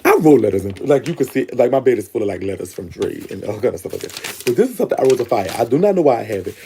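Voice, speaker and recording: A man's voice: mid-range voice, very animated, fast, vocal fry, dark tone, slight background noise. A young man chatting casually to his viewers, swearing and laughing as he talks, recorded close on a phone or webcam. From Louisiana. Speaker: vlogger.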